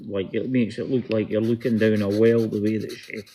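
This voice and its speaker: A man's voice: fairly low pitch, flat delivery, fairly quick, warm tone, a little hiss or hum. A Scottish man chatting casually with dry, wry remarks as co-host. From Scotland. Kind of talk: casual chat.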